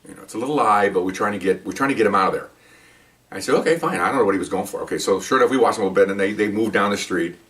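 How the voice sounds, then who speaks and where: A man's voice: fairly low pitch, racing, a bit bright, far from the mic. An older man, a retired police officer, telling a long story from his career in a rambling, chatty way, full of restarts and "okay?" asides. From Mexican heritage, raised in the US. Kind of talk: casual first-person storytelling to camera.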